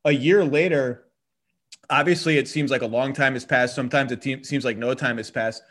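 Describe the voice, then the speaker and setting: A middle-aged man hosting a podcast, talking in a reflective, halting way with frequent restarts. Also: medium pitch, fairly even intonation, a bit bright. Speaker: podcast host. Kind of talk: casual conversation.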